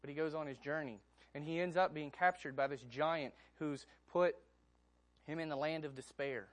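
Male pastor, slightly high, animated, chatty sermon delivery. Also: normal speed. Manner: conversational, animated, asks the congregation questions.

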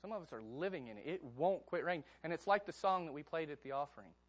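Male pastor, slightly high, animated, chatty sermon delivery. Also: quick pace. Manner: conversational, animated, asks the congregation questions.

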